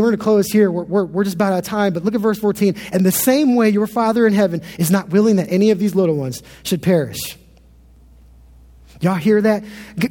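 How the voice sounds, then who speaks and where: High-voiced pastor preaching in a hall. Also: male voice, darkish tone. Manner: earnest, repeats words when building a point. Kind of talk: sermon.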